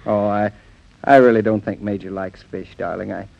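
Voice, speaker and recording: An actor playing a cheerful young architect husband with a breezy, jovial manner, in an old radio drama. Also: male voice, lowish voice, fairly even intonation, normal speed, creaky. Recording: dull lo-fi old radio recording.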